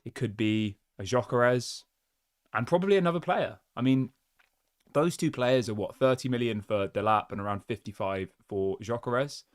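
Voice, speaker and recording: A man's voice: mid-range voice, normal speed, clear, resonant tone. A man hosts a casual football chat show from his desk and talks straight to his viewers. He thinks aloud, restarts his sentences and piles up small asides in a mid-range voice. The sound is close and dry, with no room echo. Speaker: football channel host. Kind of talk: casual solo fan commentary.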